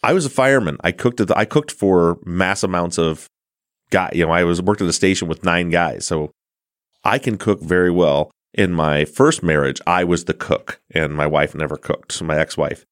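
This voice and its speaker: A man's voice: low voice, normal speed, dry recording, studio quality. A man hosting a podcast interview, chatting casually and teasing his guests. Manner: joking, teasing. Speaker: podcast host.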